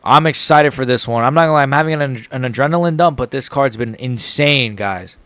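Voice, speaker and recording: A man's voice: mid-range voice, fairly quick, a bit bright, no echo. A young man hosting a casual live reaction stream, rambling and stumbling over his words as he chats. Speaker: livestream host.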